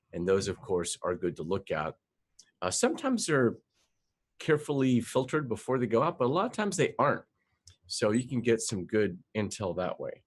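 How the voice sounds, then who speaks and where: A man giving a recorded class lecture, hesitant, with many filler sounds and restarts. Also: low-pitched.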